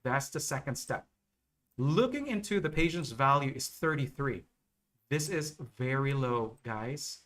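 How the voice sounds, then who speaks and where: A man teaching nursing exam material on a live stream, explaining slowly and checking in with viewers often. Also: medium pitch, animated, a bit bright. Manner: slow, repetitive explaining with frequent okay and right checks.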